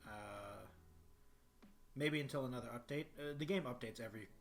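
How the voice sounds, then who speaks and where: Deep-voiced man rambling on stream. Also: normal speed, a little hiss or hum. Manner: rambling, clears throat often. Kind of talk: casual livestream chat. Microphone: desktop microphone.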